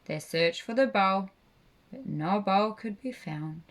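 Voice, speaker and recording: Woman narrator for a children's puppet show, slow and expressive rhyming read-aloud. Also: mid-range voice.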